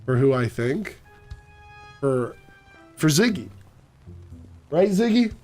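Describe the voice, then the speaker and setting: A man's voice: on the high side, sing-song, slow pace, mellow, soft background music, full character voice. A man voicing a wisecracking male cat detective in a film-noir game, asking dry, joking questions.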